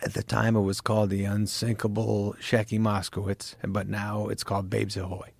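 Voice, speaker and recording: Gravelly, low middle-aged man, casual guest chat, swearing and laughing through stories. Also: completely flat delivery, moderate pace, dry recording.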